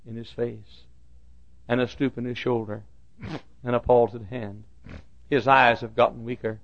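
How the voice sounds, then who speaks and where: A man preaching a sermon, repeating phrases for emphasis and swinging from loud outbursts to hushed lines. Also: mid-range voice. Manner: swings between loud shouted lines and hushed quiet ones; repeats phrases for emphasis, acts out quoted dialogue. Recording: dull lo-fi recording.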